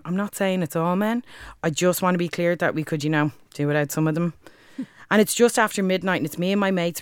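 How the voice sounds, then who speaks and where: A woman with a Dublin accent performs a rhythmic spoken-word poem with forceful, crude language. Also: fairly low pitch, clear, resonant tone, no room sound, clean studio sound. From Ireland. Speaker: guest, spoken word artist.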